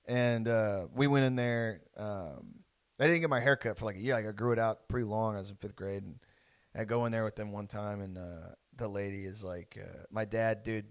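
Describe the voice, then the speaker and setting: A man's voice: lowish voice, moderate pace, no echo. A young man hosting a podcast, telling a childhood story in a rambling, profane, laughing way. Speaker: podcast co-host. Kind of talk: casual storytelling.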